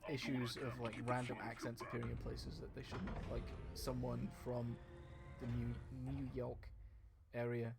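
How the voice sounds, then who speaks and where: A man's voice: medium pitch, monotone, moderate pace, creaky, over loud music. A man from outside the United States, chatting casually as a podcast co-host and asking curious questions. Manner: curious, asks many questions. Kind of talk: casual chat while gaming.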